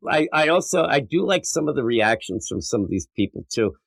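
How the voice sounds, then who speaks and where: A man's voice: medium pitch, sing-song, brisk, vocal fry, fairly bright tone, slightly rough, no echo. A man hosting a casual comic book podcast, rambling and profane, and acting out characters' lines as he goes. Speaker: podcast host.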